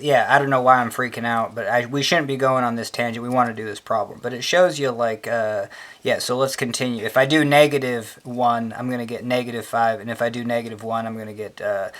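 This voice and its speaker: A man at an ordinary middle pitch explains a logic puzzle in loose, rambling fashion. He fills his talk with ums and side tangents, and keeps cheering himself on. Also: a bit bright. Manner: chatty, filler-heavy, says "hell yeah" a lot. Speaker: math tutor.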